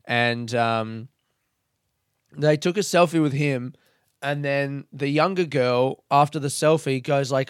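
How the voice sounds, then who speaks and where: Young male comic, rambling storyteller, crisp and resonant, no room sound. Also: mid-range voice, slow, dry recording, clean studio sound. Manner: rambling, laid-back, swears casually. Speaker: comedian. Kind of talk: casual storytelling monologue.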